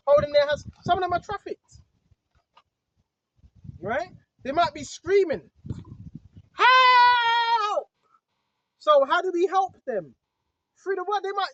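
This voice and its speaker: Here an online preacher with a high, fairly bright voice preaches informally and emphatically, repeating himself and checking on the listener over and over. The lo-fi recording sounds dull, with no echo.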